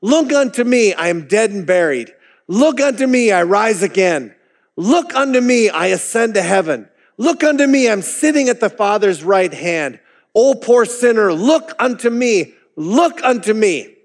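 A man's voice: high-pitched, animated, a little slow, big-room sound, pitched above the performer's own voice. A man voicing a homespun, fervent male lay preacher who presses his point with earnest repetition. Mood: pleading.

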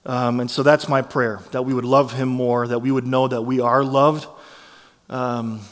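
A man preaching a sermon as a pastor, telling stories in a conversational, animated way with restarts. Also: medium pitch, unhurried, in a large hall.

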